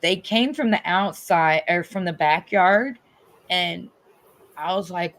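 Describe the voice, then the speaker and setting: A middle-aged woman hosting a livestream, telling a story in a casual, animated and profane way. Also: on the low side, unhurried. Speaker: livestream host.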